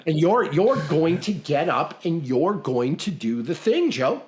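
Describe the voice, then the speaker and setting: Speaking at a measured pace, a middle-aged man from Canada co-hosts a podcast in a fairly high voice with big swings in pitch. He keeps things casual and motivational, blunt and emphatic, and tends to repeat himself.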